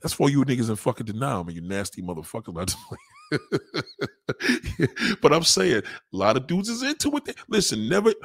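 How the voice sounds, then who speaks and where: Male stand-up comic, husky, animated pitch, crude and blunt, plays the characters in his bits. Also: normal speed, no room sound. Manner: brash, crude, acts out voices of the people he describes. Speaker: stand-up comedian. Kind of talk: profane stand-up routine.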